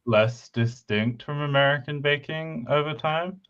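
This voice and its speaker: A man co-hosting a casual chat, speaking hesitantly with many pauses and fillers. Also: a little high, clear, resonant tone. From United Kingdom. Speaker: podcast co-host. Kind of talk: casual chat about language building. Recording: slightly dull lo-fi mic.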